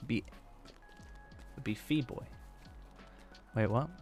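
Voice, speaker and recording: A man's voice: medium pitch, very slow, darkish tone, soft background music. A man streaming a game, chatting casually and thinking aloud in a rambling, self-mocking way. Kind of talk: casual gameplay chat.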